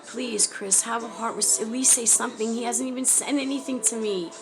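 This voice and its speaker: A woman's voice: fairly high pitch, steady tone, normal speed. A woman, speaking to camera from a shelter, pleading urgently and from the heart for help. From New York. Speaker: mother appealing for help. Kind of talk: emotional personal appeal to camera. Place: homeless shelter. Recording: music clearly behind.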